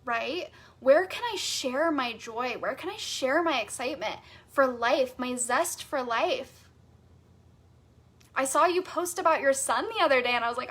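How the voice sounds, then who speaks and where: Woman, high voice, coach, live masterclass teaching, enthusiastic, emphatic repetition, casual fillers. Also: expressive, normal speed, fairly bright tone, husky. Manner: enthusiastic, emphatic, repeats phrases for stress. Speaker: sales and human design coach.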